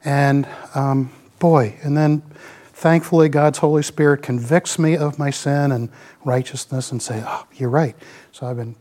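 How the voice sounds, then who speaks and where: In this informal sermon with slides, a man in his sixties talks in a medium-pitched, steady, darkish voice at a measured pace. His delivery is folksy and meandering, full of "you know."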